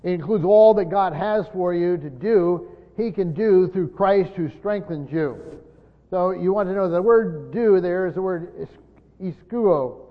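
An older man preaching a sermon in a teacherly way, repeating his points with many pauses and "uh" fillers. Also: high-pitched. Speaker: pastor. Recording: dull lo-fi sound with long hall reverb.

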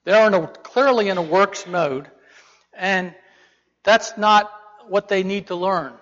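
A man's voice: sits high, takes it slowly, fairly bright tone. A man teaching a Bible lesson in a conversational way, putting rhetorical questions to his listeners. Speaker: preacher. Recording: dull reverberant hall recording.

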